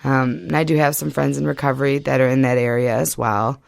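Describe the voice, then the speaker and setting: A woman's voice: rumbling low, flat delivery, a little fast, gravelly, no echo. A woman from Michigan, early in recovery, chatting casually as a podcast guest with lots of fillers and easy laughter.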